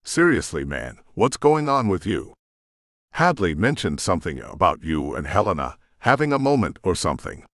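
A man's voice: deep voice, very animated, normal speed, a bit bright, dry recording, clean studio sound, full character voice. A man voicing a blunt male friend who presses with questions. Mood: pressing.

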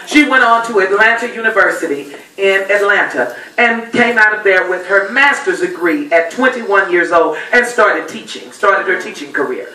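A middle-aged woman giving a personal speech at a dinner event, an animated, folksy storyteller. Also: mid-range voice, normal speed, hardly any pauses. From Texas. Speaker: guest speaker at a dinner event. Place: banquet hall. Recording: echoey hall, voice from far off.

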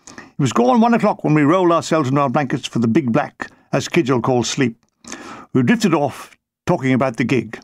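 A man's voice: on the high side, lively intonation, moderate pace, no echo. A man reading his own wartime memoir aloud, with a dry comic storytelling manner. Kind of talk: audiobook narration.

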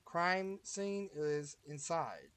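Give me a man playing a slow, drawn-out deputy at a crime scene. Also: on the high side, sing-song, fairly bright tone, smooth, pitched above the performer's own voice, full character voice. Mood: matter-of-fact.

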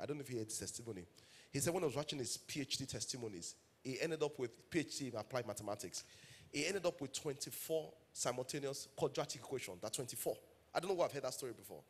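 A pastor with a Nigerian English accent preaches a sermon, telling stories and building up to emphatic calls to his congregation. His voice is mid-range and slightly rough.

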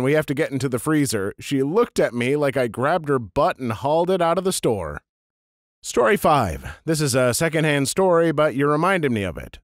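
Lively man reading stories dry. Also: mid-range voice, no echo. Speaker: narrator reading internet stories. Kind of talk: scripted story narration.

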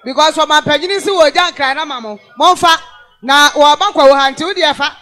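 Very high-voiced man giving fiery commentary. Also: fairly quick. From Ghana. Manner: emphatic, rising to shouts for stress, repeats words for effect. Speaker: radio-TV news review host. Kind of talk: animated news commentary.

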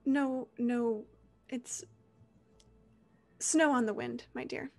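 A playful woman game master for a tabletop game, with a slightly high voice. Faint music plays behind her. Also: steady tone, very slow, creaky. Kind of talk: narrating and voicing a tabletop game.

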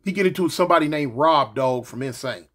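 A man's voice: fairly high pitch, animated, fast, a bit bright. A middle-aged man with a lisp, telling a story from his past in casual, slangy speech with many fillers and restarts.

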